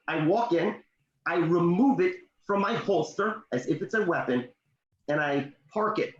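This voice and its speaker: A man and motivational speaker giving parenting advice in an animated storytelling way on a video call. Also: on the high side, reverberant, highs cut off, slight background noise. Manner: animated, with emphatic pauses and tips.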